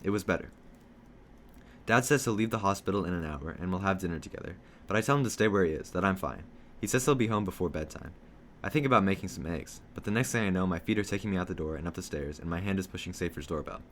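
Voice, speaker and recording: A man reading a novel aloud, telling a first-person story in a steady storytelling manner. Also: sits low, fast talker, a little hiss or hum. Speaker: reader.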